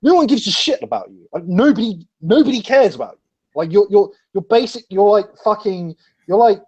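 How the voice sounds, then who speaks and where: A man's voice: high voice, animated, fairly quick, a little mellow, slightly rough, dull audio. A man appearing as a guest on a casual podcast, talking in a rambling, profane way and thinking aloud.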